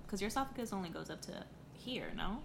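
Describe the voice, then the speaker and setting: A young woman co-hosting a casual podcast chat, swearing freely and telling stories with lively energy. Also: mid-range voice, fast talker, creaky, a little hiss or hum. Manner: profane, animated storyteller. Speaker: podcast co-host.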